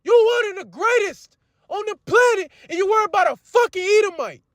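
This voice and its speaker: A man putting on a high, whiny voice to mock a dismissive young man. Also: animated, brisk, a bit bright, dry recording.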